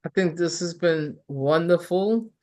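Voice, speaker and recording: A woman's voice: lowish voice, measured pace, a little mellow. A woman on a video call leading a check-in and calling on each person by name. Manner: friendly, calls on people by name. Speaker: check-in moderator.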